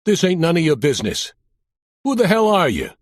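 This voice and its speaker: A man voicing a surly, cocky older mob boss with a Brooklyn accent and a gruff, tough-talking manner. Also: on the high side, huge pitch swings, brisk, dry recording, clean studio sound, pitched above the performer's own voice. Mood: irked.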